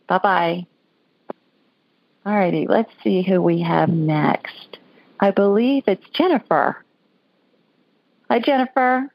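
Gravelly-voiced chatty woman radio host. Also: mid-range voice, slow pace, long pauses, dry recording, muffled recording. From Alabama. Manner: chatty, folksy, laughs easily. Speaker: radio call-in show host. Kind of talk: casual call-in chat.

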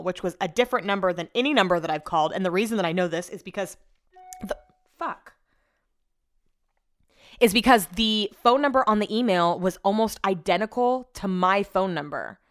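A woman's voice: mid-range voice, a bit bright. A woman telling a rambling story in a casual, profane rant, jumping between asides. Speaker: vlogger.

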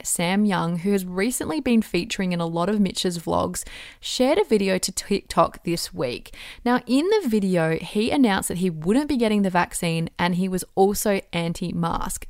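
A woman co-hosting a podcast, chatting casually and gossipily with lively asides. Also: fairly low pitch, dry recording, clean studio sound. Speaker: podcast co-host. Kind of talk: casual chat.

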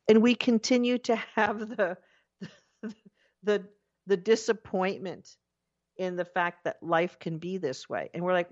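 Low-voiced woman giving a spiritual talk. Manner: expressive, acts out inner voices, slows on key words. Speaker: spiritual teacher. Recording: dull lo-fi recording.

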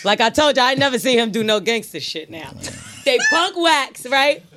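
A woman's voice: on the high side, big pitch swings, moderate pace, background noise. A woman co-hosting a podcast, telling a story in a brash, profane, laughing way. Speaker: podcast co-host. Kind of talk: casual storytelling chat.

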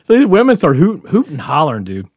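A man's voice: fairly high pitch, fast, no room sound, studio quality. A man in his fifties telling a wild story on a podcast, swearing freely and laughing as he goes. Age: 50s. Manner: animated, profane, laughing through a wild story. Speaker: podcast co-host. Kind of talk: casual storytelling chat.

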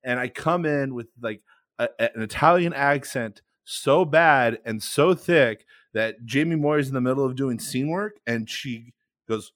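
A man's voice: mid-range voice, unhurried, fairly bright tone, dry recording, studio quality. A man co-hosting a casual podcast, telling rambling stories with laughter. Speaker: podcast co-host. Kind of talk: casual chat among improvisers.

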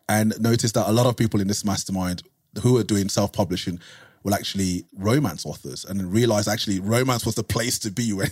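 Relaxed man, dry close sound. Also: mid-range voice, no room sound. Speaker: interview guest. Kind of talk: casual chat.

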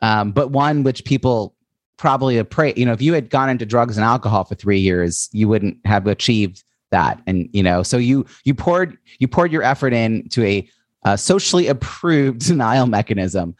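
A man's voice: mid-range voice, normal speed, no room sound. A man hosting a podcast, asking probing questions and thinking aloud about his guest's story. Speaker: podcast host. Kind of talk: interview conversation.

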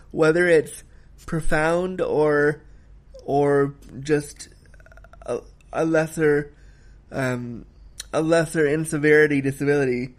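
A man's voice: fairly high pitch, fairly even intonation, slow, pauses often. A man giving a casual spoken film review, emphatic and heated, swearing freely as he rants.

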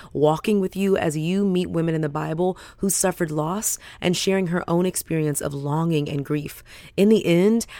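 A woman hosting a faith podcast, talking in a warm, effusive way. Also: low voice, dry recording. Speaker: podcast host. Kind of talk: casual faith podcast chat.

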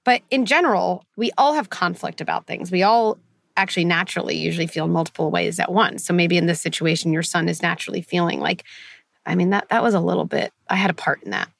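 A middle-aged woman hosting a podcast, talking in a lively, emphatic way and working through examples. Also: fairly low pitch, fast, vocal fry, no room sound. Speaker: podcast host. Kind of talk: conversational podcast talk.

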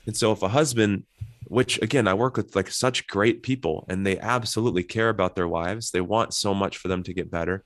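A middle-aged man with a very low voice talks as an interview guest. He is a couples therapist and explains his advice earnestly, step by step, with worked examples. The sound is dry and close, with no room around it. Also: fairly quick, dry recording.

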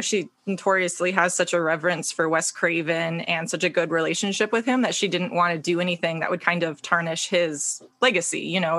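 Eager female podcast guest with a bright, lowish voice, recorded dry and close. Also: dry recording. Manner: eager, peppered with "you know". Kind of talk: casual podcast chat.

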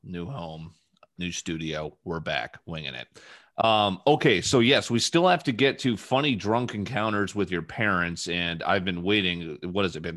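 A young podcast host with a deep voice tells loose, profane stories in casual, animated chat. The recording is dry, with clean studio sound.

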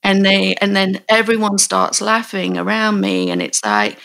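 A woman in her forties hosting a podcast, telling a story in a candid, halting way and often restarting her sentences. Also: mid-range voice, animated, vocal fry, fairly bright tone. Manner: candid, halting, self-correcting. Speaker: podcast host. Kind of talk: storytelling in casual chat.

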